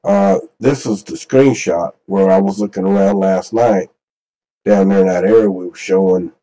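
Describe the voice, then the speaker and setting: A man's voice: low voice, fairly even intonation, moderate pace, dark tone, poor audio. A man, rambling folksily through a screen-share and repeating himself as he walks viewers through weather maps. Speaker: channel host. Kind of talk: casual screen-share commentary.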